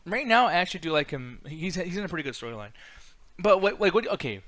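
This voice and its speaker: A man's voice: sits high, very animated, fast, crowd noise. A man in his thirties hosting a live-stream chat, talking loosely and profanely with lots of fillers. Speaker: podcast host.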